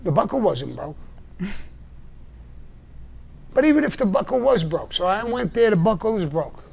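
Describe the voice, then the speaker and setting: An older man holds forth on a live stream, cursing freely and pushing back hard at a critic. His voice sits somewhat high for a man, and his delivery is blunt and combative, broken by short gruff laughs. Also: very animated, normal speed, a little mellow. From New York. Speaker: live show host answering viewer messages. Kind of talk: blunt livestream monologue.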